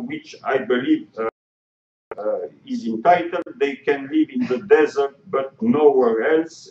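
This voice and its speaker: French-accented male host, halting introduction, far from the mic in an echoey hall. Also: medium pitch, a little mellow, highs cut off, a little hiss or hum. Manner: hesitant, many fillers. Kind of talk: formal introduction.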